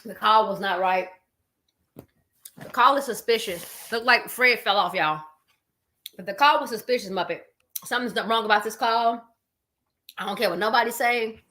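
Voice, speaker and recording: A woman's voice: fairly high pitch, normal speed, pauses often, sharp tone. A woman giving a casual reaction commentary on an emergency call, blunt and talking straight to her viewers. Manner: blunt, talks to viewers as "y'all".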